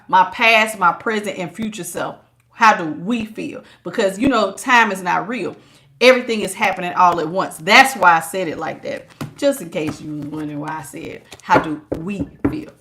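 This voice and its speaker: A woman giving a live-streamed tarot reading in a chatty, teasing way. She laughs often and calls her listeners child and honey. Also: medium pitch. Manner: lively, teasing, talks straight to viewers. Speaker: tarot reader.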